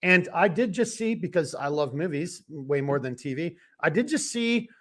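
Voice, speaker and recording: Man, high voice, animated, emphatic, podcast co-host, casual chat. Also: moderate pace. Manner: animated, emphatic, swings pitch up when excited.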